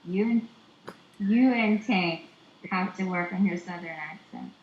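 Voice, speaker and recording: A woman from the American South joins a casual online show as a guest, her voice on the low side. She speaks in loose, filler-filled bits with a teasing edge. Her audio is dull and roomy, with a faint hiss. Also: measured pace. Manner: filler-heavy, many ums, teasing. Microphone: remote call. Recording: dull, echoey call audio.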